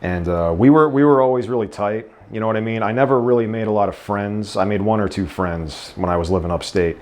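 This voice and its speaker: A man in his thirties with a New York accent and a fairly low voice. He answers interview questions in an unhurried, easygoing way, full of ums and restarts. He sounds relaxed and conversational. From New York, Staten Island. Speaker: guest. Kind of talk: casual interview chat.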